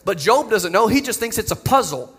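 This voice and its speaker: A man's voice: high voice, very animated, fairly quick, fairly bright tone, slightly rough, big-room sound. A man preaching a sermon as pastor, earnest and conversational, often repeating words as he goes.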